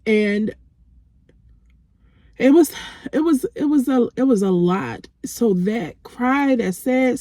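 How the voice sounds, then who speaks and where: A woman vlogger telling a personal faith testimony in a halting, reflective way, with frequent restarts. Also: on the high side, mellow, dry recording, clean studio sound.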